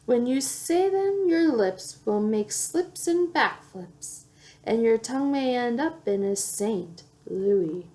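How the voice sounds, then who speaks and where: A woman's voice: on the high side, lively intonation, slow pace, warm tone. A woman reading the lines of a fussy, grumbling book-reading parrot in a storybook. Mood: scoffing.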